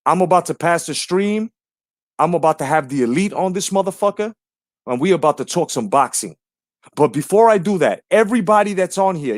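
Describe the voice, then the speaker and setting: A man's voice: a little high, no echo, studio quality. A man hosting a live stream, ranting brashly and profanely while greeting viewers in the chat.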